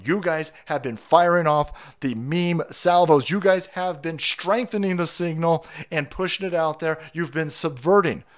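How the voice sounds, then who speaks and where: A man hosting a livestream, ranting in a profane, fired-up, rallying way while sick with a cold. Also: a little high. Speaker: livestream host.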